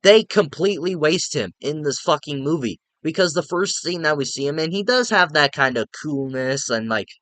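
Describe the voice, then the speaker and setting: A man's voice: a little high, animated, moderate pace, few pauses, a bit bright, no echo. A young man giving a casual, profane, exasperated movie review rant, rambling with lots of filler words.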